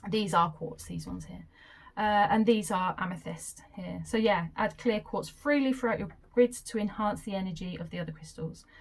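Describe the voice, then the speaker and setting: A woman's voice: medium pitch, normal speed, vocal fry. Enthusiastic woman vlogging. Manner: enthusiastic and chatty, with gushing asides. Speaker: crystal and crafts vlogger. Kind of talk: casual explainer talk.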